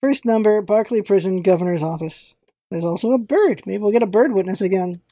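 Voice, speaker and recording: A woman's voice: medium pitch, a little fast, mellow, no echo, clean studio sound. A woman chatting and joking while reading through a game. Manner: chatty, jokey, laughs at herself. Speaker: let's-play host reading game dialogue. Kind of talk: casual gameplay commentary.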